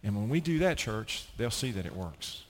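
A man's voice: lowish voice, moderate pace, slight background noise. A middle-aged American man preaching a sermon, telling stories and acting out the people he quotes. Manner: storytelling preacher, animated, acts out quotes. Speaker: pastor.

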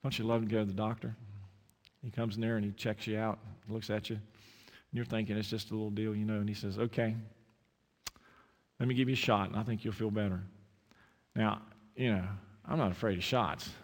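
A man's voice: lowish voice, fairly quick. A man preaching a sermon with anecdotes, then leading a closing prayer. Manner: storytelling, rising to animated emphasis. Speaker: pastor. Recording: long hall reverb.

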